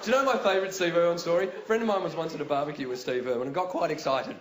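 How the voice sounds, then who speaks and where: A man with an Australian accent performing a stand-up comedy routine, telling stories animatedly and bursting into yells. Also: a little high, racing, heavy background noise. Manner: animated storytelling, acts out voices, big yelling bursts. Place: live venue with audience laughter. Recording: roomy live venue sound with loud ambience.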